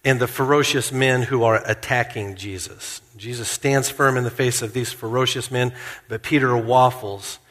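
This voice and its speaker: A man preaching a sermon in a church, earnest and slowing down to stress key points. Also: medium pitch, steady tone, a bit bright, big-room sound. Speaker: pastor.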